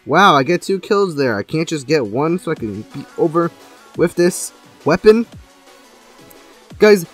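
A young man giving gameplay commentary, excitable, jumping from loud outbursts to low mumbling. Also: a little slow, faint music behind. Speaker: gaming YouTuber.

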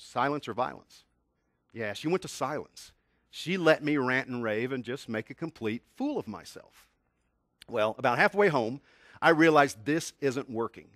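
A man's voice: medium pitch, a bit bright, dry recording, clean studio sound. A man in his fifties from Tennessee gives a motivational talk on communication. He tells a personal story with energy and poses questions to the audience. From Tennessee, USA. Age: 50s. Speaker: communication skills speaker.

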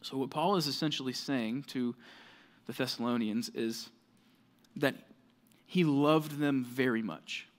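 A man's voice: mid-range voice, measured pace, pauses often. A man preaching a sermon as pastor, conversational and earnest, with frequent fillers like "right" and "like".

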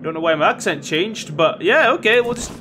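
A man's voice: sits high, lively intonation, a little fast. A man playing a horror game and commenting casually, swearing and reading game text aloud. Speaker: gaming video host. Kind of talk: let's-play commentary. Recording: home recording with clear background noise.

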